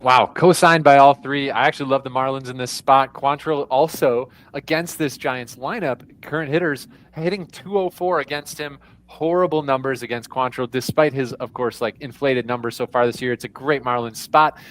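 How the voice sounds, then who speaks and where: A man's voice: medium pitch, normal speed. A man co-hosting a sports betting picks show, upbeat as he rattles off stats. His voice sits in a middle register. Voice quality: upbeat, stat-heavy. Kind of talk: casual sports betting chat.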